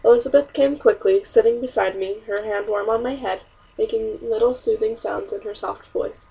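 A woman narrating a first-person historical story in an expressive, diary-like reading with a husky voice. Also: fairly high pitch, normal speed. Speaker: audiobook narrator. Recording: distant, muffled audiobook recording.

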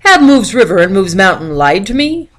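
A woman reading aloud, voicing a stern, commanding king who speaks loudly. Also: medium pitch, very animated, moderate pace, slight background noise. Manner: loud, questioning.

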